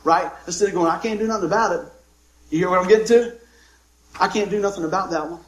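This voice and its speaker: A man's voice: high voice, quick pace, a bit bright, echoey room, poor audio. A middle-aged man preaching a sermon, telling folksy jokes and stories and calling out for amens from the congregation. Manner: folksy, joking storyteller with call-and-response amens. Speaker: pastor.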